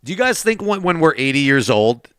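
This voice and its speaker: Lively, bright-voiced male game streamer. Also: a little high, brisk, clear, resonant tone, dry recording, studio quality. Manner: chatty, thanks donors, talks straight to chat. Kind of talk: casual live-stream chat with viewers. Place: at a desk.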